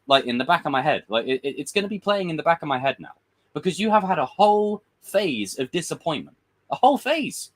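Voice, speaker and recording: A man's voice: sits high, big pitch swings, fast talker. A man giving a casual, frustrated livestream rant as a film commentator, swearing and acting out quotes.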